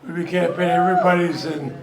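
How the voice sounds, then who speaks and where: A man's voice: high voice, fairly even intonation. An older man, a retiring senator, giving a rambling, self-deprecating anecdotal speech to an audience at an event. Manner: rambling storyteller, self-deprecating humor, frequent pauses. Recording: echoey hall, noisy crowd. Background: audience laughter and room noise.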